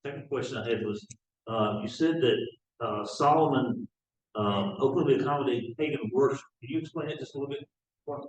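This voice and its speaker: A man attending a church class asks his questions quickly and eagerly. He is far from the mic, so his voice comes through distant and roomy, with a lot of room echo. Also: mid-range voice, lo-fi sound.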